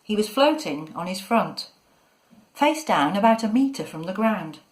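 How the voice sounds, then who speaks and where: A woman narrating a children's story in a measured, expressive way. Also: medium pitch. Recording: echoey room.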